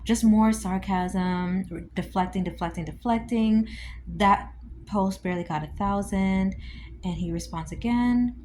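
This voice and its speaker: A woman's voice: mid-range voice, a little slow, a little mellow, a little hiss or hum. A woman giving casual, amused reaction commentary on social media posts, with slangy, chatty asides.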